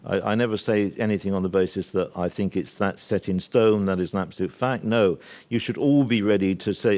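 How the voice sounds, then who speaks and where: Deep-voiced older British man speaking. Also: fairly quick, hardly any pauses, a little mellow. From Britain. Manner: discursive, assertive, with many fillers and asides. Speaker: speaker at a workshop. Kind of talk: public talk to an audience. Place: venue with a live audience.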